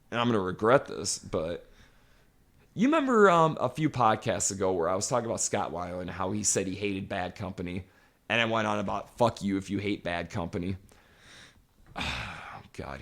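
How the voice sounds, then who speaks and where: Man ranting and swearing on a podcast, lively pitch. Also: gravelly. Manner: emphatic, swears constantly. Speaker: podcast co-host. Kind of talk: profane casual podcast rant.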